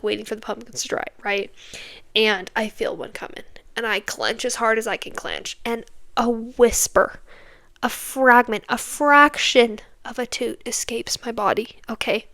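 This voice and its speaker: Chatty young woman podcast host, smooth voice. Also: a little high, sharp tone. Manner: chatty, keeps tagging lines with "okay?"; self-mocking, candid. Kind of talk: casual confessional storytelling.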